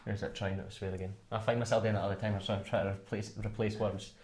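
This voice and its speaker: A young Scottish man talking quickly in a relaxed chat, his voice sitting a little low. He rambles from one story to the next and keeps reining in his own swearing. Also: noisy background. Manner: rambling storyteller, chatty, swears and catches himself. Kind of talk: casual chat.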